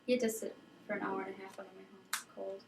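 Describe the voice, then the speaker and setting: A woman's voice: medium pitch, flat delivery, racing, creaky, noisy background. Chatty woman on a distant camcorder. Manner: chatty, finishes her partner's sentences. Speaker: traveler recounting a trip. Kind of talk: casual home-video chat. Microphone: camcorder mic. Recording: roomy home camcorder audio from a distance.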